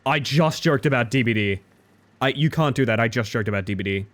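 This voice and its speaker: Brisk and mid-range, a young male streamer keeps up casual chatter while gaming. He jokes playfully and addresses his chat directly.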